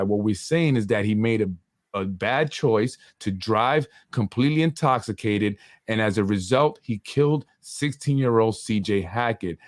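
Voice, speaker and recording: A man's voice: lowish voice, no room sound, clean studio sound. Indignant male talk show host. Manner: indignant, with rhetorical questions.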